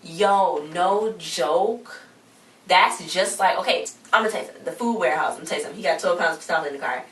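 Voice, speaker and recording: In an echoey room with the mic at a distance, a young woman vlogger talks fast in a lowish, slightly bright voice. She recaps a TV episode in a rambling, slangy way, quoting the characters along the way.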